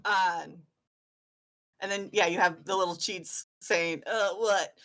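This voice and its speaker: A woman's voice: on the low side, steady tone, slow pace, bright, forceful tone. A woman game master narrating a tabletop role-playing game, chatty and giggly with lots of fillers.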